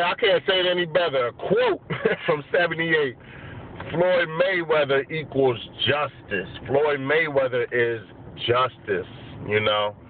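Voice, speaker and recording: A man in a casual boxing vlog, talking loose, profane street slang with many fillers. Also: medium pitch. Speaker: boxing vlogger giving channel shout-outs. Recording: tinny lo-fi phone-like audio with faint hiss.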